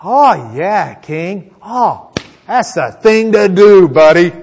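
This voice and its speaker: A man's voice: sits high, lively intonation, takes it slowly, a little mellow, a little hiss or hum, heavily acted. A man voicing a prophet who sarcastically mocks a king. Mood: sarcastic. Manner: sarcastic, drawn out.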